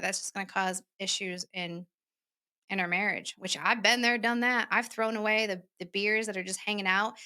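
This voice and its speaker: A woman hosting a podcast, talking casually and chattily, acting out what people said. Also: mid-range voice. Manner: chatty, animated, acts out quoted remarks. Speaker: podcast host. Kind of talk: casual solo podcast talk.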